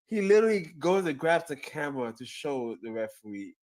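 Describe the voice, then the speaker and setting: A chatty man with a somewhat high voice talks casually about sports as the host of his own channel. He often laughs and circles back over the same phrases. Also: sing-song, a little fast, darkish tone. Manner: chatty, laughs a lot, repeats himself. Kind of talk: casual sports commentary reacting to a clip.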